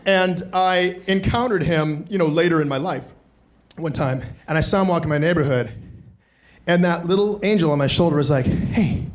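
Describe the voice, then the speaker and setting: A man's voice: on the high side, a little fast. A man doing stand-up comedy, telling a long story and acting out the people in it. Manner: animated, acts out characters.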